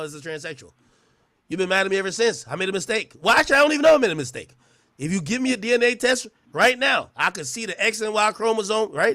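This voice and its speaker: An internet personality launches into a profane, mocking roast rant in a high-pitched, sharp voice, recorded dry with clean studio sound. He often stammers and restarts his words.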